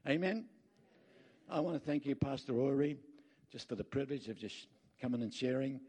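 A man's voice: medium pitch, animated, normal speed, warm tone, husky. Emphatic Australian man preaching. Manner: emphatic, calls out for amens from the crowd; folksy storytelling with rambling asides. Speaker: guest speaker at a church. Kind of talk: preaching a church address.

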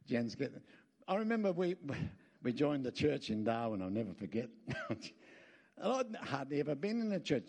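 A middle-aged Australian man preaching a sermon, telling stories with jokes and asides to the congregation. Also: on the high side. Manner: lively storytelling with jokes and asides. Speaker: pastor.

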